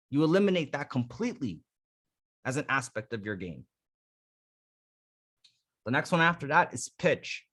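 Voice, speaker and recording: A man's voice: a little high, a bit bright. A man coaching a live class on how to use the voice, talking emphatically and casually and demonstrating each technique. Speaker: dating coach. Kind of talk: live coaching session on vocal delivery.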